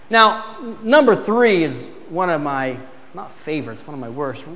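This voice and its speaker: A man's voice: a little high, lively intonation, moderate pace, bright, forceful tone, long reverb tail, a little hiss or hum. A man preaching a sermon, asking the congregation to read aloud and acting out excuses in mock voices.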